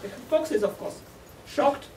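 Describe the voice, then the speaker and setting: A woman tells a humorous fable as a contest speaker, playful and chuckling at her own jokes. Her voice is high and swoops widely as she takes her time over each line. She is heard from far off in a large echoey hall. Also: lively intonation, unhurried, dark tone, a little hiss or hum. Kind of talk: humorous storytelling speech. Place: large hall at a cultural center.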